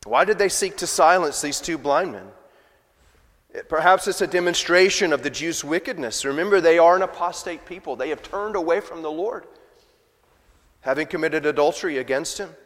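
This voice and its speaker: A man delivers a sermon in a fairly high voice, his words trailing into the long reverb of a large hall. He swings between loud, emphatic preaching and hushed, low-voiced asides. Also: normal speed. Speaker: pastor.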